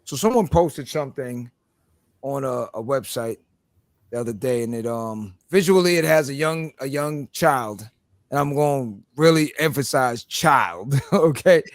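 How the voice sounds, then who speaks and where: A man hosting a casual podcast chat, telling stories with animated acted-out quotes. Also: medium pitch, moderate pace, no room sound. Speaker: podcast host.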